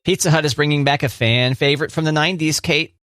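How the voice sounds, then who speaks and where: A man's voice: fairly high pitch, fast talker, over loud music. A man co-hosting a radio show, chatting casually and teasing his co-host with playful quiz-style questions. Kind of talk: casual banter.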